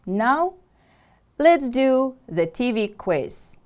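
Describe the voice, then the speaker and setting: Slow, careful woman teacher. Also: on the high side, sing-song. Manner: clear, careful pronunciation with drilled repetitions. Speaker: English language teacher. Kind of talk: slow, deliberate classroom instruction.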